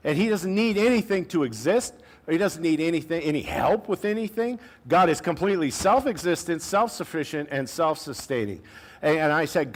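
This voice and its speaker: A male pastor preaching a sermon in a conversational way, with casual asides and slang, slowing down to stress key phrases. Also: a little high, animated.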